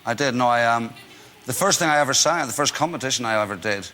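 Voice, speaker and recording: On a talk show, a Northern Irish man in his forties tells chatty, self-deprecating anecdotes, laughing often and hesitating with many "uh"s. His voice is medium-pitched, animated and sharp in tone, and he talks fast. There's slight background noise.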